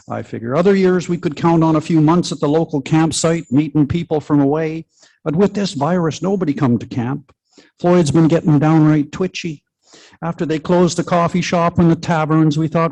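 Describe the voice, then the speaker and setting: A man reading a first-person story aloud at a live literary reading, slipping into dialect with dry, folksy humour. His voice sits a touch higher than most men's and has a soft, mellow tone. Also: normal speed, rough recording. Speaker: reader at a live literary open mic.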